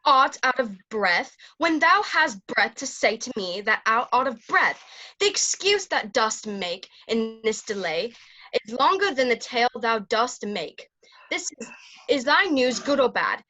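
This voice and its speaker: Woman playing an impatient lovesick young girl, eager verse, fairly high voice, video call. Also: sing-song, unhurried, pushed and bright, heavily acted, poor audio. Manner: eager, pleading, verse delivered in a rush. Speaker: actor in an online Shakespeare reading. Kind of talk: amateur Shakespeare stage acting. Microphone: video call microphone.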